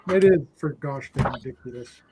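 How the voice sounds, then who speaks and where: A man's voice: medium pitch, moderate pace, dull audio, background noise. A man hosting a casual livestream chat with friends, telling stories and laughing as he goes. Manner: storytelling, laughs between lines. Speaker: livestream host.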